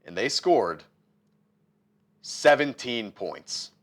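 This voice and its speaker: A man co-hosting a casual sports show, his voice swinging widely in pitch as he rants with heat. His throat sounds scratchy. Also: very slow. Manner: animated, heated rants. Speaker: sports podcast co-host.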